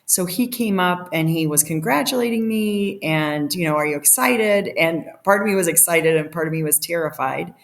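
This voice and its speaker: Middle-aged lady guest on a podcast, telling a story all animated, laughs a lot, voice a bit low. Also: moderate pace, hardly any pauses. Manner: animated, laughing, acts out quotes. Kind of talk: casual storytelling.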